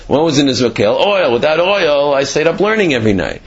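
A man's voice: fairly high pitch, sing-song, a little fast, few pauses, slightly rough, muffled recording. A man teaching a Torah class in a rambling, conversational way, full of fillers and restarts. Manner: rambling, conversational, with many fillers and Hebrew terms. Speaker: religious teacher.

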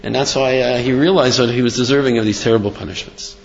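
A man teaching a Torah lesson, asking rhetorical questions and pausing on fillers as he works through examples. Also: medium pitch, creaky, slight background noise. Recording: dull lo-fi audio.

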